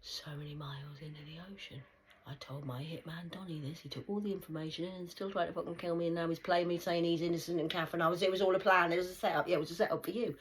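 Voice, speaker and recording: A woman delivering a rambling, profane monologue as a medium channelling spirit messages, swinging between loud outbursts and hushed whispers. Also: fairly low pitch, fairly even intonation, fast. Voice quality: very husky, breathy voice.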